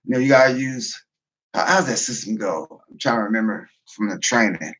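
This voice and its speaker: A man hosting a casual livestream, talking in a tired, low-energy way and often repeating and restarting his phrases. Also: fairly quick, a bit bright. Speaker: livestream host, veteran prepper.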